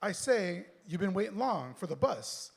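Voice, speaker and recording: A man voicing a nosy, pushy bus driver who talks in rough slang and scolds, read aloud on stage with a long hall reverb. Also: high-pitched, very animated, normal speed, pitched above the performer's own voice, full character voice.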